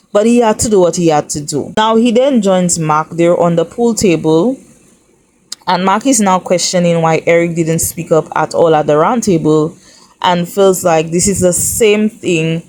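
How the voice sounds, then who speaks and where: Sassy lady doing a casual reality tv recap, kinda low voice, chatty. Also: darkish tone. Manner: sassy, chatty, talks straight to viewers.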